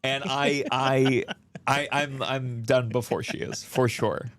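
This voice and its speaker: A man, a comedian guest, chatting casually and telling animated stories with quoted voices and some swearing. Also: mid-range voice, slow. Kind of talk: casual chat, storytelling.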